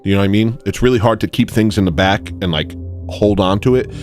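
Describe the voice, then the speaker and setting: A man's voice: lowish voice, fast, darkish tone, faint music behind. A man hosting a podcast, telling a rambling story with digressions and laughing asides, often checking in with "you know what I mean.". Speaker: podcast host. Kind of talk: casual rambling monologue.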